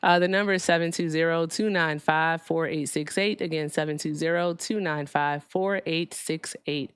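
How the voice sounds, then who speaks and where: A woman's voice: low voice, steady tone, normal speed, smooth, no echo. A woman hosting a livestream debate, casual, blunt and profane, sounding tired.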